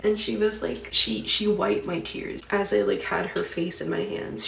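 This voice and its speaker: A young beauty vlogger does her makeup at home while getting ready, chatting casually about her dreams with lots of "like" and slang. Her medium-pitched voice has vocal fry and a moderate pace, recorded off-mic and far away in an echoey room with slight background noise.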